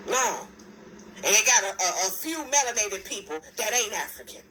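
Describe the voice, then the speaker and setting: A woman's voice: medium pitch, animated, normal speed, pushed and bright, slight background noise, low-quality recording. A woman talking straight to her viewers in a casual monologue, emphatic and repetitive, pointing out one thing after another. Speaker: video commentator.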